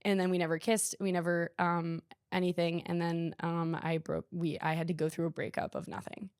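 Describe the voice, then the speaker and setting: A woman's voice: lowish voice, little pitch movement, moderate pace, darkish tone, clear, resonant tone, no echo, studio quality. A young woman hosting a podcast, telling a rambling, self-deprecating story in casual chat, full of "like". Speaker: podcast host.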